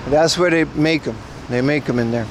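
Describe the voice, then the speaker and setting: A man in his thirties bikes through city streets while hosting a casual outdoor livestream, rambling and answering viewer chat. His voice is fairly high and brisk, with a little hiss or hum in the audio.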